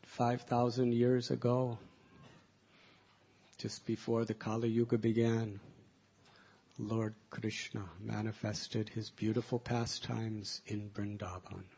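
Slow, gravelly-voiced man telling a sacred story. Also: medium pitch, completely flat delivery, dull audio. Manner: slow, soft-spoken, drawn-out phrasing. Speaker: spiritual teacher. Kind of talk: devotional storytelling talk.

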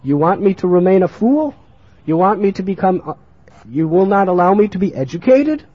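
A man's voice: high-pitched, sing-song, a little slow, husky, no echo, voice pushed up, heavily acted. A man doing a bold, earnest little boy. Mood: pleading. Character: young boy, divine and boldly self-assured. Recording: muffled lo-fi recording.

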